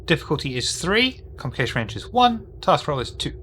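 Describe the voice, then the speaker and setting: A man acting as game master of a sci-fi tabletop game, narrating enemy moves and calling out rolls in a relaxed, thinking-aloud way. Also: fairly high pitch, fairly quick, noisy background.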